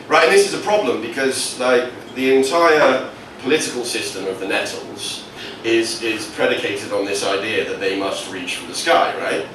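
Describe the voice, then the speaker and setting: A man's voice: mid-range voice, normal speed, few pauses, far from the mic. A man doing stand-up comedy, rambling into absurd stories. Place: comedy venue. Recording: echoey venue from afar, noisy.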